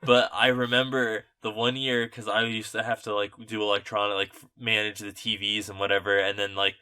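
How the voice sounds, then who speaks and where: A man's voice: lowish voice, flat delivery, fairly quick, bright, forceful tone, clear, resonant tone. A young man chatting on a podcast, telling stories in a rambling way with lots of fillers and casual swearing. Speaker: podcast host. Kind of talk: casual chat.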